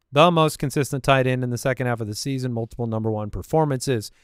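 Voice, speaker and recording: A man hosting a fantasy football podcast, rattling off statistics in a measured, confident way during casual sports analysis. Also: mid-range voice, a bit bright, smooth, no room sound, studio quality.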